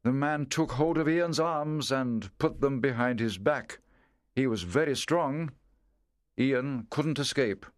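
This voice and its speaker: A man narrating a story in a measured, clear reading voice. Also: medium pitch, dry recording, clean studio sound.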